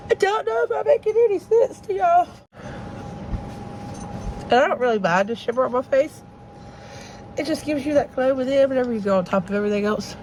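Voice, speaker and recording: A woman's voice: mid-range voice, darkish tone, slight background noise, poor audio. A woman, chatting casually to viewers as she does her makeup at home. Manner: chatty, talks straight to viewers while doing makeup. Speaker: makeup vlogger. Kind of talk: casual get-ready-with-me chat. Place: home, children around.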